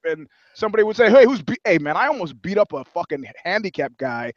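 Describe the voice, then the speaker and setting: Male podcast co-host, higher voice, animated storyteller, dry muffled sound. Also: fast talker, no room sound. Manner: animated storyteller, acts out quotes. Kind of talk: casual podcast banter. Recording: dry, slightly dull sound.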